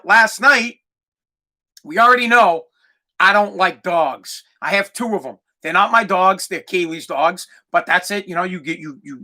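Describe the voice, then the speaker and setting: A man in his thirties hosting a podcast, ranting casually and with exasperation, sometimes yelling. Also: high voice. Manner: exasperated ranting, yells and imitates barking. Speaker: podcast host. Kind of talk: casual comedic rant.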